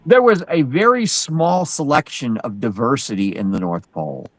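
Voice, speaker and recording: A man chatting casually on a live show as a guest in Krampus costume, telling animated stories with many restarts. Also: mid-range voice, normal speed, no echo, poor audio. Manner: animated, acts out quoted voices, many restarts.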